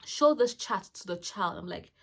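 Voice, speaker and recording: A woman's voice: medium pitch, expressive, normal speed, creaky, slightly rough. A woman around forty hosting her own channel, sharing parenting advice in a chatty, rambling way full of fillers and restarts. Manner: warm-hearted, chatty, lots of fillers and restarts. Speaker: channel host, mother. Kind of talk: casual parenting talk to camera.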